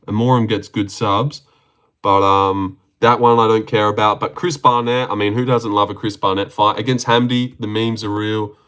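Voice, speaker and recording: A man with an Australian accent talks through a livestream in loose, rambling chat, answering viewers as he goes. His voice is bright and forward. He is blunt and swears freely. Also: on the low side, flat delivery, moderate pace, smooth. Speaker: MMA predictions livestreamer. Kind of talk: casual livestream chat reading viewer comments.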